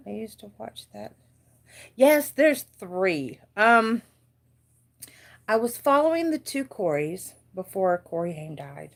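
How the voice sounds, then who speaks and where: A woman in her forties with an American accent, hosting a casual crafting livestream from a dark room at home, chatty and easily distracted, laughing often. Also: medium pitch, sing-song, slow pace, vocal fry. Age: 40s. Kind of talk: casual live chat.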